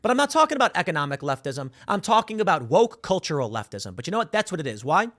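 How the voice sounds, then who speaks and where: Male political commentary host, lively and sarcastic, pitch jumping around, acts out quotes for emphasis. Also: fast. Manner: animated and sarcastic, acting out voices for emphasis.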